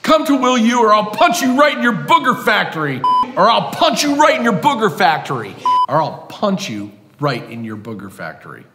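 A man's voice: a little high, sing-song, normal speed. A man playing a goofy college president. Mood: deadpan. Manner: laughing, breaking into giggles between takes. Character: goofy self-important male university president. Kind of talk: reading comedy cue cards on camera. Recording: echoey hall with loud background noise.

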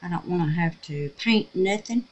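In a casual crafting tutorial, a middle-aged woman running a resin craft channel chats away to herself and those watching while she works. Her voice sits on the low side with a darkish tone, her speed is normal, and the audio sounds dull.

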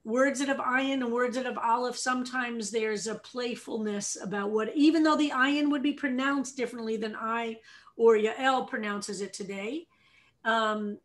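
An American woman rabbi teaching a text study class, explaining lively and asking her students questions. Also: a little high.

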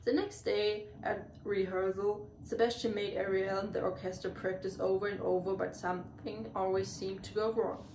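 Her delivery is flat and gravelly, medium in pitch with a darkish tone, moving at normal speed with few pauses as she reads from a children's storybook. She occasionally trips on a word and restarts it, and the recording is echoey and distant with a faint hiss.

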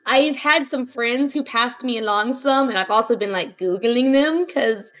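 A young woman guesting on a stream, giggly and a little shy, pausing to find her words and telling puns. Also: fairly high pitch, a bit bright, faint music behind. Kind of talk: casual chat.

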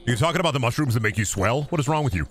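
A man streaming a video game, cursing and trash-talking loudly, then dropping to low mutters. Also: animated, rapid-fire, soft background music. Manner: profane, rowdy trash talk to the game; jumps between loud yelling and low mutters. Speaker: gaming streamer. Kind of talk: live gaming stream commentary.

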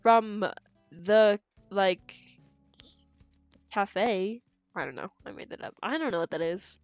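A woman's voice: medium pitch, slow, dry recording, lo-fi sound, soft background music. A woman streamer giving live game commentary in a chatty, giggly way, thinking aloud and stumbling over repeated words.

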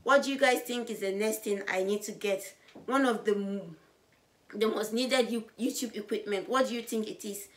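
A woman vlogging to camera, loud and bubbly, with a voice she calls high and loud. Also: moderate pace, a little hiss or hum. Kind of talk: casual vlog to camera.

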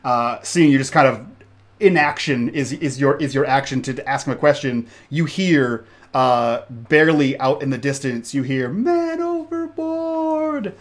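A man's voice: mid-range voice, steady tone, moderate pace. A man running a tabletop game as game master, narrating a stormy scene in a loose, improvised way.

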